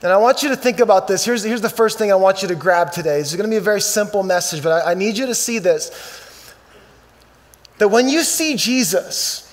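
A male pastor preaching a sermon, swinging from loud emphatic bursts to quiet, slow scripture reading. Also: high voice, animated.

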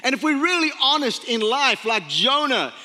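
A man preaching a sermon, retelling a story with animated voices for its characters. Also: very high-pitched, moderate pace. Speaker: pastor. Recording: long hall reverb.

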